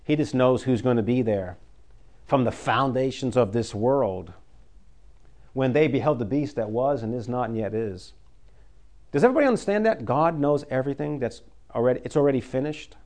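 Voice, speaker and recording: A man's voice: medium pitch, animated, normal speed, a little mellow. A man preaching a sermon, folksy and conversational, reading scripture and pressing his listeners with urgent emphasis.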